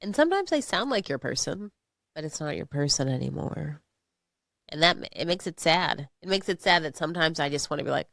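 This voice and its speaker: A woman's voice: deep voice, lively intonation, brisk, gravelly, fairly bright tone, no room sound, clean studio sound. A woman co-hosting a podcast, talking candidly and expressively, often laughing through hard subjects. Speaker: podcast co-host. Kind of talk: casual podcast chat.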